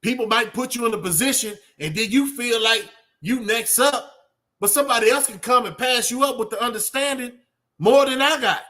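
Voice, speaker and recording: A middle-aged man talks off the cuff like a street preacher, rambling and circling back with fillers. His voice sits high for a man and rings bright and forceful. It sounds like a host talking straight to his viewers. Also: brisk. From Texas. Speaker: channel host. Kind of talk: off-the-cuff motivational talk.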